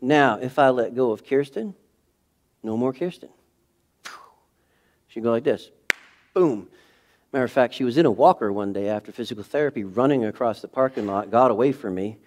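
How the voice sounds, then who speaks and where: Middle-aged man, pastor, animated storytelling sermon, mid-range voice. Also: mid-range voice, moderate pace, pauses often, slight background noise. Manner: animated storytelling, acting out scenes with sudden shifts in loudness. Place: church sanctuary.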